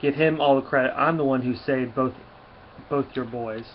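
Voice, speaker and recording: A man's voice: medium pitch, steady tone, normal speed, natural voice. Scheming older villain scientist, indignant and prickly, read by a man; dull, slightly hissy recording. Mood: bitter. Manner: read aloud from a comic, lightly voiced.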